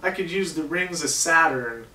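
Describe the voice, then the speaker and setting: A man's voice: a little high, lively intonation, moderate pace, bright, forceful tone, roomy sound, recorded from a distance. A man hosting a comedy show, telling crude jokes in a casual, swearing monologue. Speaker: host.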